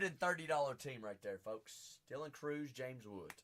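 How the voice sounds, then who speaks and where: A man hosting a live-streamed card break, chatting with viewers by name, teasing them, and breaking into hype shouts as he talks through teams while standing. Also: a little high, measured pace, hardly any pauses. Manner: hype-driven, bursts into shouts. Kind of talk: live-stream auction patter.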